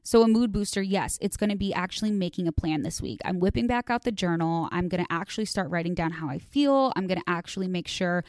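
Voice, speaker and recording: A woman's voice: lowish voice, fast talker, hardly any pauses, a little mellow, no echo, clean studio sound. A young woman hosting a podcast, talking casually and gushing, with lots of "like" and restarts between ad reads. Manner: chatty, gushing, filler-heavy. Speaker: podcast host.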